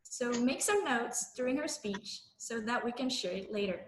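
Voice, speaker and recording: A woman's voice: fairly high pitch, animated, moderate pace, echoey room, a little hiss or hum, poor audio. A woman hosting an online club meeting, upbeat as she introduces the speakers over a video call. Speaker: meeting host.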